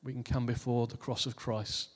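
In an easygoing New Year message, a man at a typical mid-range pitch speaks at a moderate pace, chuckling at his own humor and then reading from scripture. Every line he says is followed by a long, lingering reverb.

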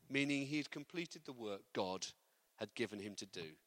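A man preaching a sermon, lively and building to loud, emphatic delivery. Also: mid-range voice, moderate pace, hardly any pauses, no echo.

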